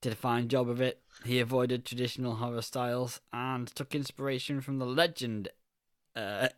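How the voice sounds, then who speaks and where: A man's voice: medium pitch, level tone, normal speed, clean tone, no echo, clean studio sound. A man co-hosting a casual film review podcast, teasing his co-host and laughing often.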